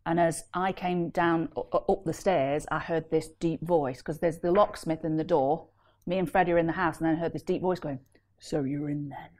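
A woman tells a story in a casual panel chat, animated and laughing as she acts out the people in it. Her voice sits fairly low for a woman. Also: brisk. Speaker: property deal packager.

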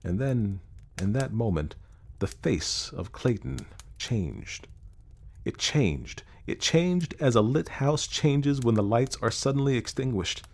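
A man narrating a ghost story in a measured, dramatic reading. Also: medium pitch, expressive, vocal fry, a little mellow. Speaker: audiobook narrator. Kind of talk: scripted narration.

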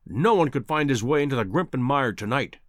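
A man reading aloud and voicing a brisk, commanding male detective with a decisive manner. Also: medium pitch, expressive, no echo, clean studio sound, close to an everyday voice. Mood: calm. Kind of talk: audiobook character voice.

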